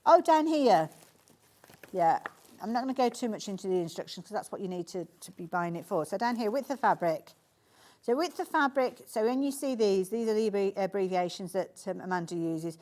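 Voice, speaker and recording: A woman with a Birmingham accent hosts a live sewing demonstration for a home shopping channel. She talks in a chatty, enthusiastic way, full of little asides and fillers. Her voice sits at a medium pitch. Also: fairly quick, a little mellow. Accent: Birmingham (Brummie).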